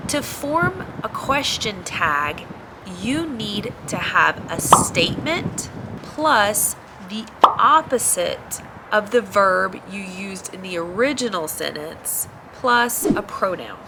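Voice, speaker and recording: A woman teaching an English grammar lesson in a clear, encouraging, scripted delivery. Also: medium pitch, animated, takes it slowly, noisy background.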